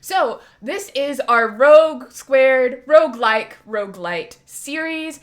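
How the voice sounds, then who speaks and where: Woman DM, chatty and brisk, jokes around, streamed game over video call. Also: sits high, expressive. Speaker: dungeon master. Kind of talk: running a tabletop game stream.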